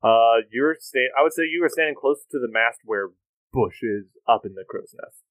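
A man's voice: medium pitch, normal speed, dry recording, poor audio. Easygoing male game master, dry sound. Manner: relaxed, hesitant with many fillers. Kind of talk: narrating a tabletop game.

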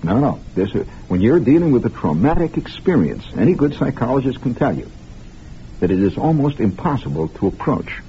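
A man's voice: mid-range voice, sing-song, fairly quick, warm tone. A man telling a long story on the radio in a conspiratorial, mock-grave way, speaking straight to his listeners on an old broadcast recording. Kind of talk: improvised radio monologue storytelling. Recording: lo-fi 1960s radio broadcast, faint hiss.

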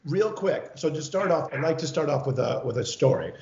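A male host leads a casual chat over a video call with a somewhat high, gravelly voice. He talks with eager, chatty warmth and laughs easily. The sound is roomy and dull. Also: lively intonation, a little fast, a crowd in the background. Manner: enthusiastic, chatty, laughs often.

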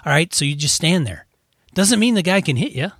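Man, fairly high voice, halting, many fillers, dry close sound. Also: lively intonation, fairly bright tone, no echo. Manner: halting, full of fillers and restarts. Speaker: podcast co-host. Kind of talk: casual chat.

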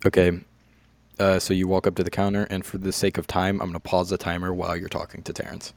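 A man running a tabletop game as dungeon master, casual and quick to laugh. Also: low voice, monotone, darkish tone.

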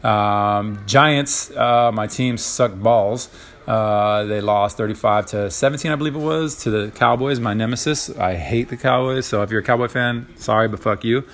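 A man's voice: lowish voice, normal speed, a bit bright. A young man hosting a casual solo podcast, rambling with lots of fillers and profanity. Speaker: podcast host.

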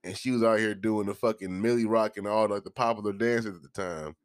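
Man, podcast host, casual profane rant, low voice, dry close sound. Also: fairly quick, smooth, dry recording. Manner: profane, heated and joking, breaks into laughs.

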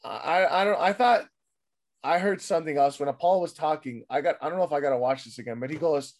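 Slightly high, hoarse man recapping wrestling. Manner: loose, profane, mimics people in quick bits, trails off mumbling. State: losing his voice. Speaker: podcast host recapping wrestling. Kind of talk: casual chat.

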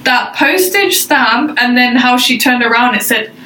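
A woman's voice: fairly high pitch, animated, measured pace, bright, forceful tone, distant mic. A woman co-hosting a casual chat, playful and cheeky, stretching words out for emphasis. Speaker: podcast co-host. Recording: roomy echo, from off-mic, faint hiss.

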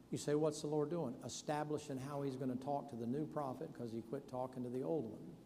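Folksy preacher in a reverberant hall. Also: male voice, mid-range voice, steady tone, fast talker, dark tone, slight background noise. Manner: folksy storytelling preacher, acts out Bible scenes in casual voices. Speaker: pastor. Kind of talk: sermon.

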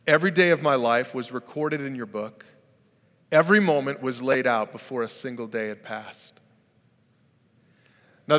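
Here a middle-aged male pastor preaches with a medium-pitched, fairly bright voice, telling stories conversationally and voicing the quotes as if acting them. The sound carries a long hall reverb.

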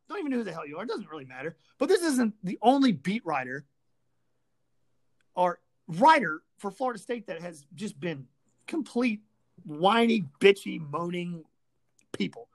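A woman's voice: medium pitch, very animated, normal speed, long pauses. A woman hosting a sports talk show, ranting sarcastically and with profanity about a rival team. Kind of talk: ranting sports podcast chat.

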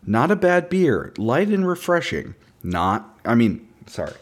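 A man co-hosting a podcast, chatting casually and rambling through deadpan jokes with plenty of fillers. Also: medium pitch, unhurried. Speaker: podcast co-host. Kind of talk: casual comedic chat, reviewing beer.

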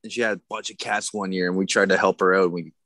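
A man's voice: low voice, steady tone, fast, a bit bright, no echo. A man with a mid-range voice, recorded close and dry with no room sound. He tells his stories with laughs and plenty of swearing. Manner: laughing, profane storytelling. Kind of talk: casual chat.

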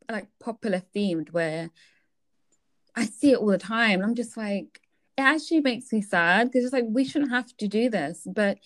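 A young woman co-hosting a casual podcast chat, animated and acting out quoted voices as she talks. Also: medium pitch. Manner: animated, acts out quoted voices, laughs often.

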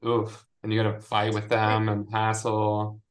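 Very low-voiced joking woman. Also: completely flat delivery, unhurried. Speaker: podcast co-host. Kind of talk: casual chat.

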